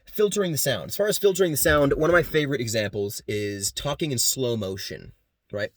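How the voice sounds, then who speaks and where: A man of medium pitch, recorded with no room sound, presents to his class about vocal sounds. His delivery is casual and brisk, and he pauses between sentences to beatbox demonstrations of what he describes.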